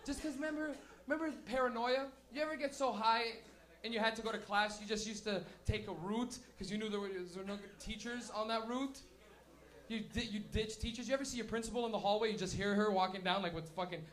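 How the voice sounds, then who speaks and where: A young male comedian tells crude, laughing stories on stage. His voice is very high and bright, with a loose, profane delivery. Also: fast talker. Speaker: stand-up comedian. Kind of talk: stand-up comedy set. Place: live show venue with audience.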